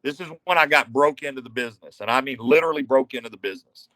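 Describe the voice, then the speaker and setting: A retired pro wrestler from Texas tells a locker-room story in casual, profane bursts. His voice is mid-pitched and recorded close and dry, with no room sound. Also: quick pace, no echo, poor audio. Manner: profane, animated anecdotes.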